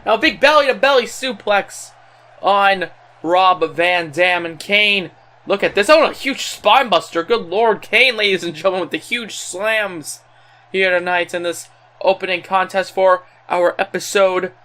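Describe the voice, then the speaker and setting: A young man calls a video game wrestling match play-by-play, like a gaming channel host. His voice sits high and bright. He uses an excited announcer style, filling gaps with ums and correcting himself mid-sentence. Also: a little slow.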